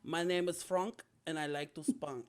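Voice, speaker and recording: A man's voice: a little high, fairly even intonation, normal speed, smooth, lightly acted. A man voicing a would-be French bachelor on a dating game, with a shaky put-on French accent. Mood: sheepish.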